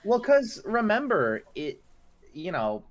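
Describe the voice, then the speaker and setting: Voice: mid-range voice, huge pitch swings, slow pace, over a noisy crowd. A voice actor explaining things in a rambling casual chat, full of fillers. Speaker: voice actor reading a visual novel.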